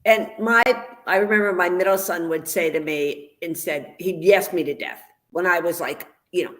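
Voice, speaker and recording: A woman's voice: lowish voice, lively intonation, normal speed, few pauses, a bit bright. A middle-aged woman in a casual chat, wryly retelling how her sons answered her. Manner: wry, quoting her kids.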